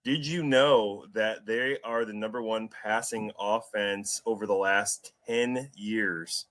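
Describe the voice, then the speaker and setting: A man's voice: on the low side, takes it slowly. Man hosting a casual football podcast. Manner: relaxed, jokey banter. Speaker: podcast host.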